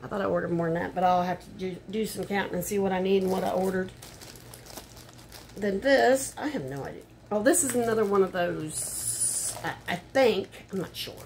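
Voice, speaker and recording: A woman's voice: medium pitch, normal speed, a little mellow, a little hiss or hum. An older woman chatting casually at home while she unboxes a shopping haul, muttering asides and getting frustrated. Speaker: haul vlogger. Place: home room.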